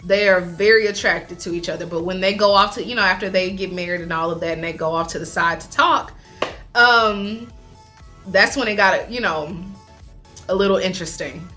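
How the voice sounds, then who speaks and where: Bright, chatty woman vlogger. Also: lowish voice, normal speed, faint music behind. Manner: chatty and animated, laughs often, many fillers. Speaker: YouTuber recapping a reality show. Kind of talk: casual recap chat.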